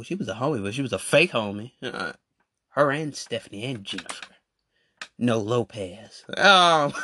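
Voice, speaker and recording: Animated man with a gravelly voice. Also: medium pitch, no room sound. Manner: animated, repetitive, calling people out. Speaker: podcast host. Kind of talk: solo podcast rant.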